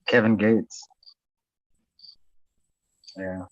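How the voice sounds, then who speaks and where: This podcast host speaks extremely slowly in a flat, lowish voice, rambling through casual chat while cursing a lot and leaning on fillers like "like." The recording is dry with no room sound, and the high frequencies are cut off.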